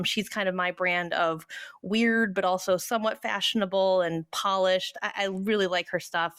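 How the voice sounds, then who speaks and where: A woman's voice: medium pitch, a bit bright. A woman on a podcast panel, chatting casually, hesitant, with many ums. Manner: hesitant, lots of ums, detail-minded.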